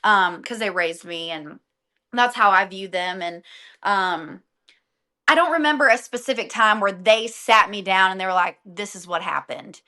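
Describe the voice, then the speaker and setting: Bright-voiced woman singer chatting. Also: medium pitch, normal speed. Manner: animated, laughs often, trails off. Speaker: guest singer. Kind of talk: casual interview chat.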